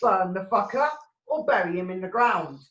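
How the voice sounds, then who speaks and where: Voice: medium pitch, animated, normal speed, a bit bright, lo-fi sound. Sweary host in an echoey room. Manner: swears freely, loose joking asides. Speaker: comedy show host. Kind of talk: casual hosting banter. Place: room over video call. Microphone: computer mic on a video call.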